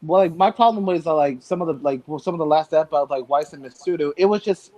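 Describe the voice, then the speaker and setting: A man's voice: a little high, fast, darkish tone, no room sound. A man co-hosting a podcast, enthusiastic and rambling, swearing casually as he agrees. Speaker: podcast co-host.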